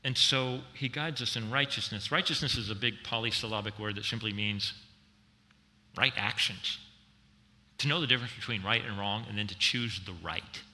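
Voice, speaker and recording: A middle-aged male pastor with a very bright, forceful tone preaches in a church, his voice trailing off in the long reverb of a large hall. He swings from loud, emphatic bursts to quiet, slowed-down reflection. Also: medium pitch. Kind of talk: sermon.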